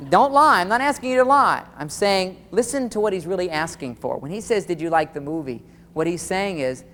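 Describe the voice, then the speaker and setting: Animated man lecturing in a reverberant hall. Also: high voice, a little fast, few pauses, a little hiss or hum. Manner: animated, acts out quoted dialogue, addresses audience directly. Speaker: relationship seminar speaker. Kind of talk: live seminar lecture.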